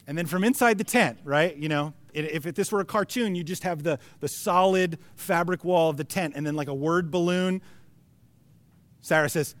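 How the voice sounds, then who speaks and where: A man in his forties preaching a sermon in a joking, conversational way, with halting restarts. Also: high-pitched, dry recording. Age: 40s. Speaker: pastor.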